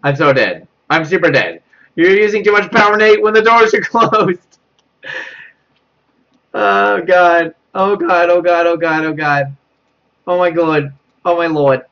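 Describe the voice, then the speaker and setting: A young man, unhurried and pausing often, streams a horror game live in a fairly bright voice. Nervous laughter, panic, and repetition fill his reading of the chat, recorded on a dull, low-quality microphone.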